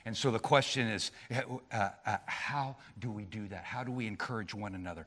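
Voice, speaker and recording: A middle-aged man preaching a sermon as pastor, with frequent restarts, moving between loud emphatic peaks and quiet low asides. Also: normal speed, hardly any pauses. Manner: frequent restarts and repeated words.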